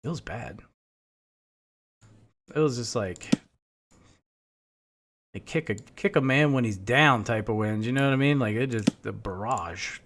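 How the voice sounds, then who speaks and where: A man of ordinary pitch chats casually while he plays a game on stream. He tells long, rambling stories and swears freely along the way. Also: a little slow, long pauses, noisy background. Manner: profane, rambling storytelling. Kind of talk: casual chat while playing.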